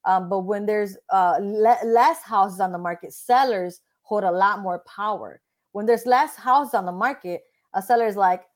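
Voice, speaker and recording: A woman realtor talking casually in an interview, blunt and animated, often acting out what other people said. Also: medium pitch, moderate pace.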